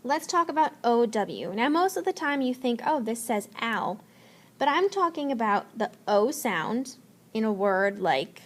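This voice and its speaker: Woman teacher, spelling lesson, slow and patient, sounds out letters, fairly high voice. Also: animated.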